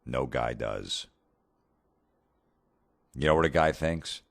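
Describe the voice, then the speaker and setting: Very deep-voiced sarcastic man ranting. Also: expressive, slow pace, gravelly, long pauses, dry recording, clean studio sound. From New Jersey. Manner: sarcastic, mocking, swears constantly. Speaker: comedian podcast host. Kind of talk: profane comedic rant.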